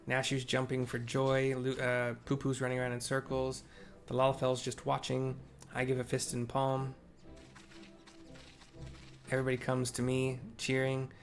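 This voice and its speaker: Man, casual game narration, chatty, self-correcting, middle-pitched voice, faint game music behind. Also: completely flat delivery, normal speed, pauses often. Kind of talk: casual live audio description of game cutscenes.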